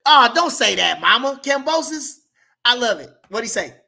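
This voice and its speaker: Man, AAVE, boxing livestream host. High, bright voice; loose and slangy, repeats lines for emphasis. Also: big pitch swings, moderate pace, gravelly. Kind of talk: casual livestream chat reading comments.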